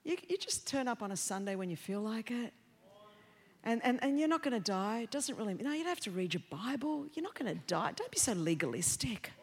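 A woman preacher voicing the devil as a low, hushed, coaxing tempter, in a reverberant church hall. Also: very animated, a little fast, husky.

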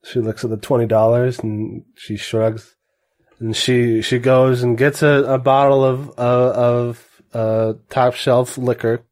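A man's voice: medium pitch, little pitch movement, measured pace, a little mellow. Man narrating as game master. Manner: loose narration with fillers and restarts.

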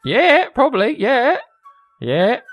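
A gossipy raven from a fantasy tabletop game squawks in a high, excitable voice, as a woman puts it on. It talks loudly and keeps answering with short, eager yeahs. Its tone leaps up and down. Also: takes it slowly, soft background music, heavily acted. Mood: chattering. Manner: squawky, high, repeats yeah a lot.

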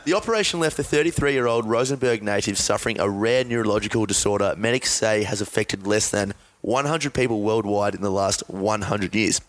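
A man's voice: lowish voice, fairly quick, few pauses, no room sound. A man hosting a podcast, reading out odd news stories and joking with his guests. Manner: joking, laughs often. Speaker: podcast host. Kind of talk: casual chat, reading out news items.

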